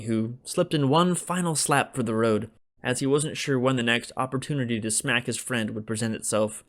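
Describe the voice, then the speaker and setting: A man, the author, narrating his own comic novel as an audiobook in a wry, deadpan delivery. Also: medium pitch.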